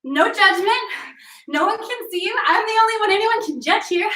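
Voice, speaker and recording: Young female fitness instructor, high and bright, playful storyteller cueing moves; off-mic in a roomy space. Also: moderate pace, recorded from a distance. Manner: energetic, playful, retelling a legend while cueing moves. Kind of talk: live workout class with storytelling. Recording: echoey room, voice off-mic.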